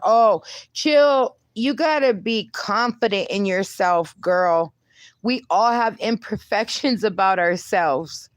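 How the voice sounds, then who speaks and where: A woman's voice: medium pitch, very slow, dry recording. A young woman hosting a casual livestream, reading viewer comments aloud and answering them with upbeat encouragement, laughing often and swearing a little. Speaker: livestream host.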